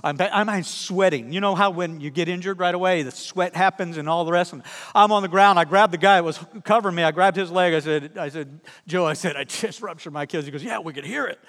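High-voiced pastor preaching in a reverberant hall. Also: male voice, fast. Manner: animated, humorous, acts out the people in his stories. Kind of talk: sermon with personal storytelling. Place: church sanctuary.

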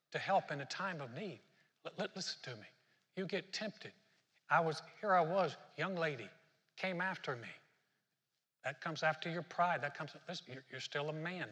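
A man's voice: fairly high pitch, pushed and bright, breathy edge. A man preaching a sermon in a church hall, talking fervently and directly to his congregation. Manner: fervent, talks straight to the congregation. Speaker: pastor.

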